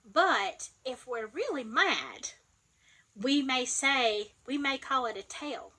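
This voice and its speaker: Southern woman from Alabama, high bright voice, chatty and wry vlogger delivery. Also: expressive, unhurried, poor audio. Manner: chatty, wry, laughs at herself. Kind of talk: casual chat to camera.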